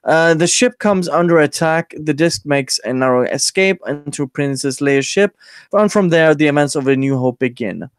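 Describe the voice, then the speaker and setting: A man's voice: fairly high pitch, normal speed, clear, resonant tone, no room sound, clean studio sound. A man hosting a casual podcast, reading an article aloud with sarcastic, swearing asides. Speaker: podcast host.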